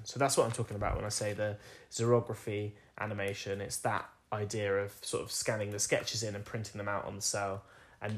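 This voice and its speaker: A young man co-hosting a podcast, chatting casually, explaining at length and laughing often. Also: fairly low pitch. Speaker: podcast co-host.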